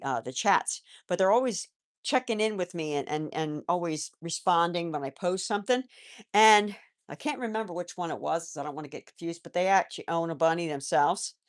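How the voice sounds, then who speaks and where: Chatty woman hosting a pet live stream. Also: on the low side. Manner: chatty, rambling, with restarts; soft baby-talk to pets, often away from the mic. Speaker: pet channel host. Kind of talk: casual live-stream chat.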